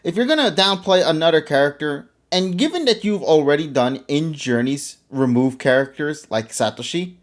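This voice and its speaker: A man co-hosts a casual fan podcast with a lively, swooping voice that climbs high when he gets heated. He swears and laughs easily as he talks. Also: normal speed, few pauses. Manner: animated, swears, laughs often, rises high when worked up. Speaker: podcast co-host. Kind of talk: casual podcast chat about an anime dub.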